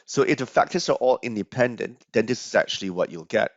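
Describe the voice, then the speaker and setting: A man's voice: medium pitch, expressive, quick pace, dry recording. A man lecturing on finance over slides, explaining step by step with frequent fillers and restarts. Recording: dry, slightly dull lo-fi audio.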